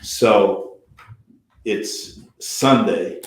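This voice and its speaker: An older actor telling animated backstage stories in a casual chat, acting out quotes and swearing freely. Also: male voice, on the low side, extremely slow, echoey room. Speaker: actor guest. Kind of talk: storytelling over drinks.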